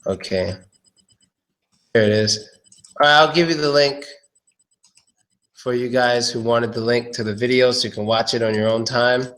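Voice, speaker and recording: Speaking in a mid-range voice, this man runs a live-stream English pronunciation lesson. He sounds relaxed, thinks out loud, and goes over every word slowly.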